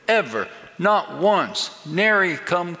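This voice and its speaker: An older man delivers a sermon in a bright, forceful voice, driving home his point with pointed rhetorical questions. His slow, deliberate preaching rings out with a long reverb, as in a large church sanctuary. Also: sits high, sing-song. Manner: emphatic, building rhetorical questions. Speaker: pastor.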